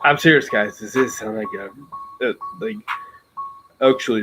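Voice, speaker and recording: A YouTuber chats casually with his viewers on a livestream, rambling and self-reflective, full of fillers and restarts. His voice is mid-range at normal speed with frequent pauses, heard over music in poor audio.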